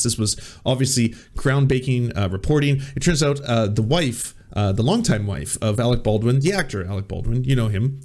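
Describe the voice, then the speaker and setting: A man's voice: mid-range voice, darkish tone. Sarcastic man riffing on the news. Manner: sarcastic, laughs often, stammering restarts. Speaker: political comedy podcast host. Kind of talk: mocking news commentary.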